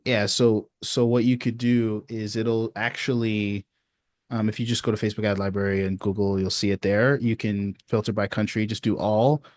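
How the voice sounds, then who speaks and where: A man giving casual sales advice on a video support call, relaxed and chatty, often asking "you know what I mean?". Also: lowish voice, normal speed, no echo, clean studio sound. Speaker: sales coach.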